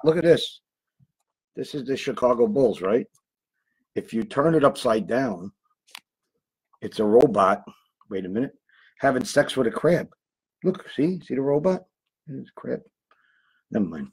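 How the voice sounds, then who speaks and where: Husky-voiced male actor, rambling. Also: mid-range voice, lively intonation, normal speed, pauses often, a little mellow, low-quality recording. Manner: loose, rambling, easily sidetracked. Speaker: guest actor. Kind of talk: casual chat.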